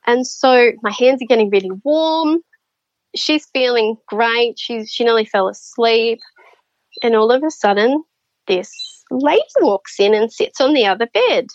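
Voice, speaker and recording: A woman's voice: a little high, measured pace, dry recording, highs cut off. A woman, a podcast guest, telling stories casually and acting out the voices of the people in them. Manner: animated, acts out voices in her stories. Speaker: podcast guest, spiritual medium. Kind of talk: casual storytelling.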